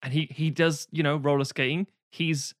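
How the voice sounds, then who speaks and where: A man's voice: a little high, little pitch movement, normal speed, no room sound, studio quality. A man co-hosting a casual film-review chat, sarcastic and swearing freely, slipping into mock voices. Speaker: podcast co-host.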